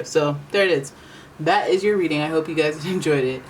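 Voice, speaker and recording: Rambling tarot reader, casual chat, middle pitch, faint hiss behind. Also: fairly even intonation, moderate pace, low-quality recording. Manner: rambling, chatty, self-correcting. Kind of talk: casual tarot reading monologue.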